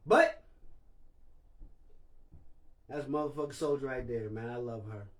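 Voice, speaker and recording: A man's voice: medium pitch, unhurried. A man hosting a livestream, talking candidly and emotionally and swearing freely. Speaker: livestream host.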